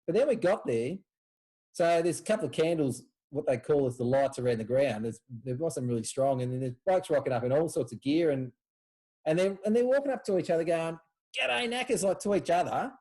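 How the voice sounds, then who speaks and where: An Australian former club footballer, appearing as a podcast guest, tells old club stories in casual chat. He's an animated storyteller who acts out what people said in a raised voice, speaking a little fast at a fairly high pitch.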